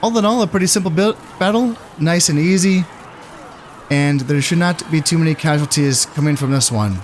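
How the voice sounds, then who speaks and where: A man casually commentating his strategy game, thinking aloud in a relaxed, musing way with fillers. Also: on the high side, moderate pace, a little hiss or hum. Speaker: gameplay commentator. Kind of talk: casual let's-play commentary.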